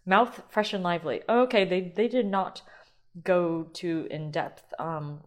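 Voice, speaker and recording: Woman podcaster rambling on, kinda low voice, swears here and there, super casual. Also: unhurried. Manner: chatty, rambling, swears casually, thinks aloud. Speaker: podcast host. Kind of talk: casual solo podcast chat.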